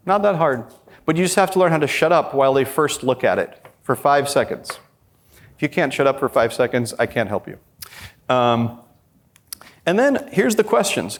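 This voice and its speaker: Guy running a conference workshop, bit high voice, peppy, keeps talking right to the crowd. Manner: energetic, addresses the audience directly; quotes imagined people in a raised voice. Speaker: workshop presenter.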